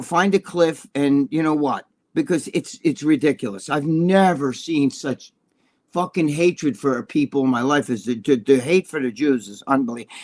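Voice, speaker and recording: High-pitched, profane man in his sixties. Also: darkish tone, dry recording. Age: 60s. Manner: profane, combative, rambling. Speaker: co-host. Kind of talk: heated political rant on a talk show.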